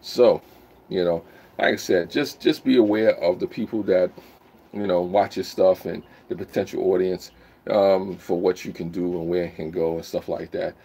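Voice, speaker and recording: A man hosting a casual live stream, rambling while he reads the chat aloud and bursts into loud whoops. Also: low voice, steady tone, normal speed, vocal fry, breathy edge.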